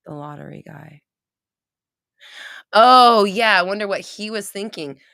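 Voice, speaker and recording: Low-pitched young woman host, chatty, laughs a lot, reads out comments; dry close mic. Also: fairly quick, gravelly, bright, forceful tone, no echo. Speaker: livestream host. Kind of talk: casual live stream chat.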